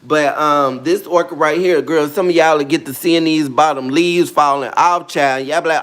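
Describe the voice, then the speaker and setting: A man's voice: a little high, steady tone, normal speed, few pauses, fairly bright tone. A man hosting a casual how-to vlog, talking sassily and chattily to his viewers with playful, dramatic asides. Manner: sassy, chatty, calls viewers girl and honey. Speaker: orchid care vlogger.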